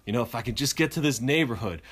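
A man tells a story in a casual, animated way. He acts out what people said and swears freely. His voice sits at an average pitch. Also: fast, husky.

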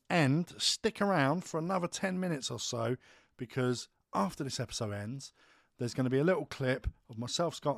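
A man in his thirties hosting a podcast, chatting casually in blunt, sweary, animated banter, recorded in a studio. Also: medium pitch, creaky. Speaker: podcast host. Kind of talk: casual chat.

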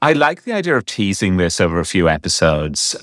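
Deep-voiced Englishman with American-tinged accent. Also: very animated, a little fast, a bit bright, dry recording, clean studio sound. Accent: English with American mix. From England. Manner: hesitant, filler-heavy, says "sort of" a lot. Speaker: podcast co-host. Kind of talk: casual podcast chat.

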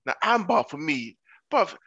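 A man's voice: a little high, big pitch swings, moderate pace, bright, forceful tone, slightly rough, no room sound, highs cut off. A young man retelling reality-show drama in casual slangy chat, voicing the people he quotes.

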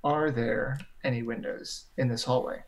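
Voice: mid-range voice, steady tone, measured pace. Practical tabletop player, faint hiss. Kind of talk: playing a tabletop game.

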